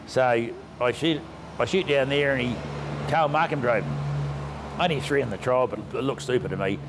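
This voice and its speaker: Older Kiwi trainer spinning a yarn. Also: male voice, medium pitch, normal speed, noisy background. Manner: rambling, colloquial, retelling dialogue. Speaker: harness racing trainer. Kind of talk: anecdotal storytelling in an interview.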